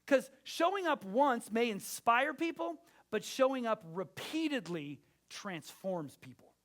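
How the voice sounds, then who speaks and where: High-voiced man preaching an emphatic sermon. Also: big pitch swings, measured pace, a bit bright. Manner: emphatic, direct exhortation to listeners. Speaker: pastor.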